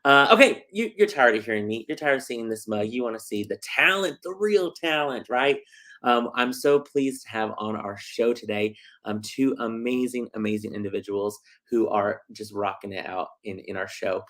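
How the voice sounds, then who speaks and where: Chatty excitable man hosting a show. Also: fairly low pitch, normal speed. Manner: chatty, excitable, lots of fillers. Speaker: theater talk show host. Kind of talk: casual livestream chat.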